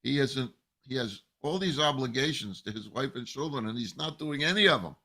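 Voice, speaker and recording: A man teaching scripture as a rabbi, telling the story with plenty of life. His pitch swings widely as he acts out the people he quotes, and his voice has a bright, forward edge. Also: animated, a little fast. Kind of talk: Torah lesson.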